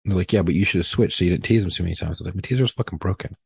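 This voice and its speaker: Husky-voiced man telling an angry story. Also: deep voice, rapid-fire, dry recording, clean studio sound. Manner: profane, animated retelling with heated quoted exchanges. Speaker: police officer guest. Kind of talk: casual podcast storytelling.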